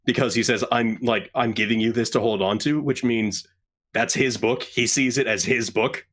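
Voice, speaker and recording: Joking, animated man co-hosting a chat. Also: mid-range voice, normal speed. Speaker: podcast co-host. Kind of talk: casual chat.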